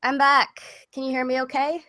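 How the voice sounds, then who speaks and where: A Canadian woman born in southern England, a guest on a video call, speaking in a measured, hesitant way while losing her voice. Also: high-pitched, flat delivery, sharp tone. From southern England, raised in Canada. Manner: measured, hesitant with many ums. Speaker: guest content creator. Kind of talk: casual online chat.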